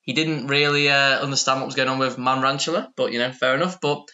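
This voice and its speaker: British podcast guy, kinda hesitant, sharp voice, muffled lo-fi sound. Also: medium pitch, steady tone, quick pace. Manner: hesitant, mock-earnest interviewer. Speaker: podcast host. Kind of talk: comedic podcast interview.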